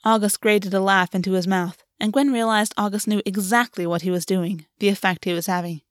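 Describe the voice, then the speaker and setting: A woman reading a fan fiction story aloud in a steady, even narration. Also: medium pitch, brisk, no room sound, studio quality. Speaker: audiobook reader.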